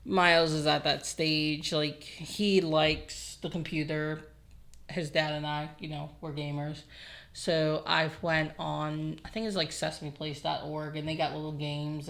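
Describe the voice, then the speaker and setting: A young woman with a low-pitched voice chats casually as a podcast co-host. She is animated and swears freely. She acts out little exchanges with her toddler. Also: normal speed, creaky. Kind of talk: casual chat, reading listener comments.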